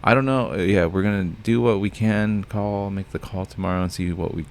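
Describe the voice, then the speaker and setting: A young man with a very low voice retells a maddening run-in in casual podcast chat. He swears freely and acts out the other people's lines in his story. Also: a little fast, slight background noise. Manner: profane, heated retelling with mimicked voices. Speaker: podcast co-host.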